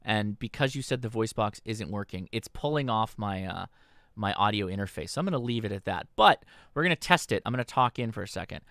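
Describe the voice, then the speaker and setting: A man's voice: lowish voice, expressive, a little fast, gravelly, fairly bright tone, dry recording, clean studio sound. A man hosting a livestream tutorial, talking through a setup step by step in an instructional tone and checking in with the audience. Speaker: host. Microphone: desk microphone.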